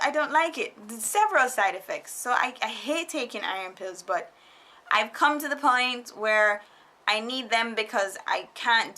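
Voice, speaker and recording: A young woman casually telling a storytime vlog, animated and laughing often, quoting people in put-on voices. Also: mid-range voice. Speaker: vlogger. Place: foreigner living in Japan.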